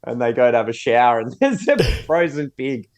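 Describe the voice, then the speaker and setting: A man chats casually on a podcast, tossing in quick, playful jokes. His middling voice is very animated, rising and falling freely. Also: mid-range voice, crowd noise. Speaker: podcast co-host. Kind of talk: casual chat.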